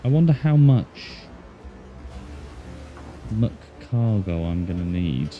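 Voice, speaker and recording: Here the English gamer's voice sits low but moves with lively intonation, and he takes his time. He chats and jokes to himself through phone-quality sound, with music in the background.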